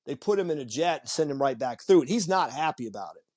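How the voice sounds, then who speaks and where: Quick and fairly high-pitched, this man's voice carries his stories as a podcast guest in easygoing chat. He gets animated and acts out each quoted person's voice.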